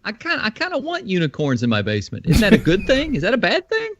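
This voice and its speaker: A man's voice: sits high, huge pitch swings, fast, fairly bright tone, a little hiss or hum. Teasing co-host man, quizzical. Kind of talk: casual live-stream banter. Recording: dull lo-fi sound.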